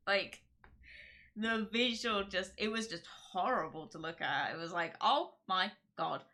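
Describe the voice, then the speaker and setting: Hosting her livestream, a woman with a medium-pitched, sharp-toned voice talks slowly with long pauses. She chats casually, rambling, giggling, and interrupting herself to restart.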